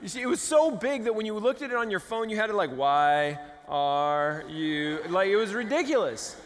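A man's voice: high-pitched, fast, a little hiss or hum. A man preaching a casual, humorous sermon as pastor, acting out little voices for his stories. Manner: animated, jokey, acts out voices. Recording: long hall reverb.

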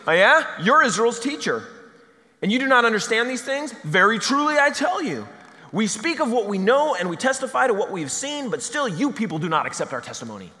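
A man's voice: very high voice, very animated, a little fast, bright, forceful tone, long reverb tail, pitched above the performer's own voice, full character voice. A man voicing a stern, authoritative teacher who speaks firmly and emphatically, in a sermon. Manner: firm, emphatic.

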